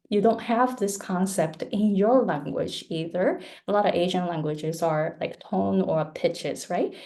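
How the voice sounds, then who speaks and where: A woman's voice: mid-range voice, warm tone. A Japanese woman with a Japanese accent, a pronunciation coach patiently modeling words in a live lesson. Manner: slow, patient, models words for learners to repeat.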